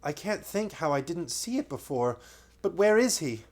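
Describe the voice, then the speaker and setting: A man voicing an eager young boy king in a storybook reading, with a raised, louder voice and excited exclamations. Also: on the high side, normal speed, pitched above the performer's own voice.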